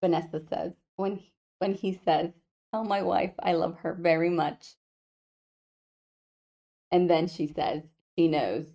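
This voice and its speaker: Young female podcast co-host, lowish voice, rambling and teasing. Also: steady tone, unhurried, pauses often, mellow. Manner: filler-heavy, rambling, teasing. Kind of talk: casual book club chat.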